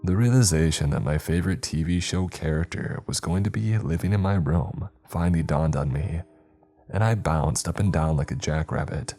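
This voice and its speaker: A man with an extremely low, dark voice narrates a first-person horror story. He tells it slowly and deliberately. Soft music runs faintly behind him.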